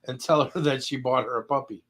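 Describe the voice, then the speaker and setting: A man's voice: medium pitch, fairly even intonation, fairly quick, fairly bright tone. Middle-aged man with dry short remarks. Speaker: podcast co-host. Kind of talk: casual chat.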